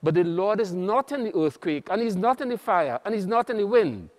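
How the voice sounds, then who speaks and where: A man with a Trinidadian accent, a priest preaching an earnest, measured sermon with many pauses. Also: high-pitched, expressive. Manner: earnest, measured, pausing often. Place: large church. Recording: long church reverb.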